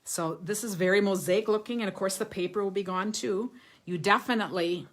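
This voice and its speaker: A woman's voice: medium pitch, brisk. A woman hosting a live craft stream, chatting casually with viewers, showing greeting cards, laughing often and reading comments aloud. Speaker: card-making livestream host.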